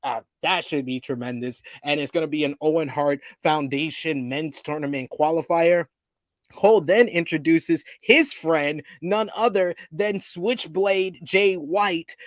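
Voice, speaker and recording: A man's voice: a little high, dry recording. A man co-hosting a casual wrestling review, recapping the show with frequent laughs. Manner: laughs often while recapping. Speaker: co-host.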